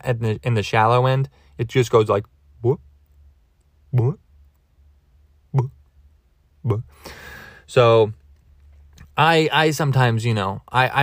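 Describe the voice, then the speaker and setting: Here a podcast host rambles through a comic tale, digressing and making fun of himself along the way. His voice is mid-range, captured cleanly in the studio with no room sound.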